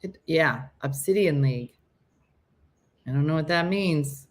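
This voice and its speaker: A woman's voice: deep voice, a little slow. Chatty woman hosting a morning stream. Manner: chatty and rambling, reads viewer comments aloud. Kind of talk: casual chat with viewers.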